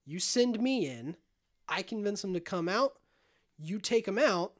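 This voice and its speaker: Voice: animated, measured pace, natural voice. Scheming male pirate captain, persuasive and easygoing, put on by a casual podcaster. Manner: laid-back persuasive pitch, casual slang.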